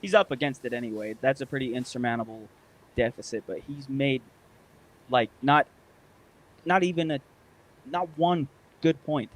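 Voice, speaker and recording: A man speaks as a guest on a casual talk show with an ordinary mid-range voice. He is animated and drops into little acted-out quotes as he talks. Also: medium pitch, normal speed, pauses often. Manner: animated, acts out quoted lines. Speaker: podcast guest. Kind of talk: casual chat.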